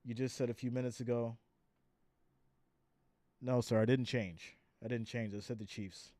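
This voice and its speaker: A man's voice: medium pitch, steady tone, normal speed, dark tone, no room sound. Chatty man calling a game live. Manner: reads viewer comments aloud, chatty, laughs often. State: tired. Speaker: live stream host doing play-by-play. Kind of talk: casual live play-by-play and chat reading.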